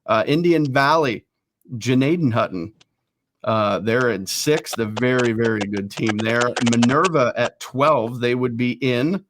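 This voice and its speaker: A man hosting a casual sports talk show, rattling off rankings quickly with self-deprecating asides. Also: mid-range voice, a bit bright, slight background noise. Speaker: host.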